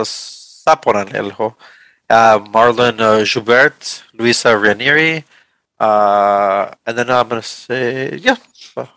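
A man's voice: fairly low pitch, fairly bright tone, no room sound, low-quality recording. A man co-hosting a movie podcast, talking in a casual, hesitant way with lots of fillers and restarts. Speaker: podcast co-host. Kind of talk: casual movie review chat.

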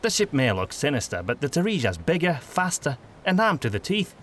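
A man's voice: fairly high pitch, sing-song, brisk, a bit bright, a little hiss or hum, voice pushed up. A man voicing a polite, earnest young male initiate who talks in a reassuring way.

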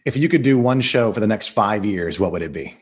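Husky-voiced upbeat male podcast host. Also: on the low side, animated, brisk. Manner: upbeat, laughs often. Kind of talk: casual interview.

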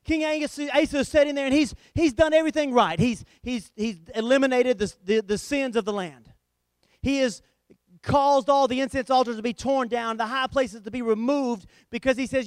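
A middle-aged man preaching a sermon, telling the story with animated swings between loud emphasis and hushed lines. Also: very high-pitched, normal speed, clean tone, dry recording.

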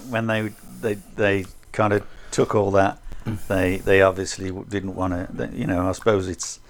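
A man's voice: deep voice, little pitch movement, normal speed. An older man, a kung fu teacher chatting casually on a podcast, rambling with restarts and dry humour. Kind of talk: casual chat.

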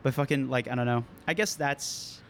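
A man's voice: mid-range voice, normal speed, slight background noise. A young man from California, a band member, chatting casually on a podcast, swearing often and acting out the people in his stories. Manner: laid-back, swears often, acts out quoted people. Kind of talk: casual chat.

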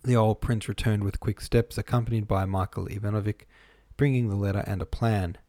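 A man narrating an audiobook in a measured, even reading voice, recorded close to the microphone. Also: lowish voice, no echo.

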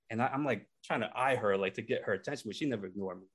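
Animated man telling a funny story. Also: on the low side, fast talker, breathy edge. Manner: animated, acts out voices in his stories. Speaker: podcast co-host. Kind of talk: casual storytelling.

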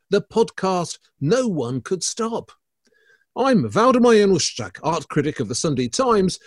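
A man hosts an art podcast with a playful, theatrical delivery. His pitch leaps and dips all over as he teases his co-host. The sound is dry and close, with no room around him. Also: a little mellow, slightly rough, no echo. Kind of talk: bantering podcast chat.

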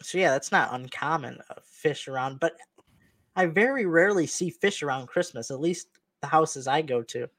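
A man's voice: a little high, expressive, moderate pace, a bit bright, no room sound. Playful man chatting on a podcast. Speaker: podcast co-host. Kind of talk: casual chat.

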